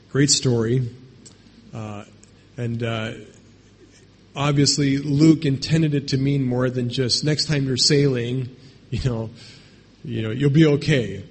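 A man's voice: medium pitch, breathy edge. A man preaching a sermon in a conversational way, often checking in with "right?" and restarting his phrases. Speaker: pastor. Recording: long hall reverb.

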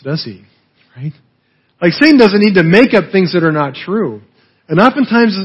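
A man with a husky, slightly high voice preaches a sermon in a church service, chatty and personal, tossing "right?" back to the congregation every few lines. The recording is dull and muffled, with the top end rolled off. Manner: conversational preaching with frequent "right?" tags. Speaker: pastor.

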